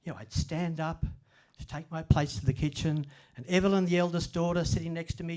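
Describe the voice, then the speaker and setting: A man's voice: fairly high pitch, normal speed, darkish tone. An older man giving a self-deprecating, humorous storytelling talk at a library event. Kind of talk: storytelling presentation.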